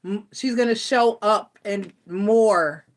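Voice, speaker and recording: Woman, tarot reader on a live stream; rambling, reassuring, middle pitch. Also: slow pace. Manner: rambling, reassuring, full of fillers and restarts. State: close to tears.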